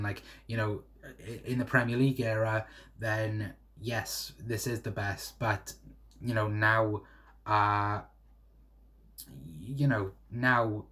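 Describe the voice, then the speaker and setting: A man's voice: fairly low pitch, a bit bright. A young man hosting a fan livestream, chatting casually with lots of fillers and calling viewers guys. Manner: rambling, many fillers, addresses viewers as guys. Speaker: fan channel host.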